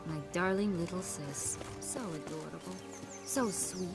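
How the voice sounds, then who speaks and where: An actress playing a scheming, exiled princess in a video game, sardonic and teasing. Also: female voice, fairly low pitch, measured pace, creaky, big-room sound. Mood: mocking. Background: game music.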